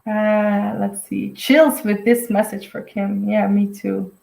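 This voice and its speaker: A woman's voice: mid-range voice, level tone, slow, vocal fry, a little mellow, roomy sound, low-quality recording. A woman giving a live intuitive card reading, rambling and heartfelt, full of fillers. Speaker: intuitive medium. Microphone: webcam or phone on a live stream.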